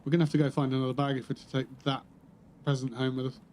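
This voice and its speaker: A man's voice: mid-range voice, little pitch movement, racing, a little mellow, slight background noise. A man chatting casually while playing a game on a livestream, muttering to himself and swearing dryly, close to his microphone. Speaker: streamer. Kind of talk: casual gameplay livestream commentary.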